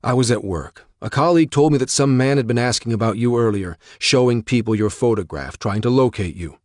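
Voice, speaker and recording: A man's voice: medium pitch, a little fast, dry recording, studio quality, voice pushed up, lightly acted. A man voicing an anxious, protective father who pleads and defends himself. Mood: defensive.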